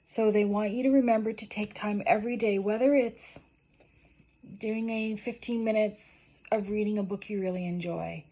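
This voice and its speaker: An emotional woman giving a tarot reading, talking earnestly and encouragingly to her viewers. She is near tears and her voice is wearing thin. Her pitch sits in the middle range for a woman. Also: steady tone, normal speed, mellow. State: tearful, losing her voice. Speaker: tarot reader. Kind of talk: general tarot reading to camera.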